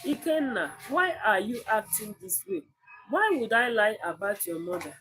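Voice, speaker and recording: A woman reading the part of a calm village man who keeps the peace, speaking slowly and soothingly. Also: fairly high pitch, slight background noise. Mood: reassuring.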